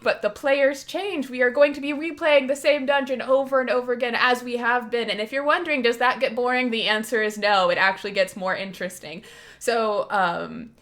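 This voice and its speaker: Woman DM, chatty and brisk, jokes around, streamed game over video call. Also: fairly high pitch, fairly bright tone. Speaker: dungeon master. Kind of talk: running a tabletop game stream.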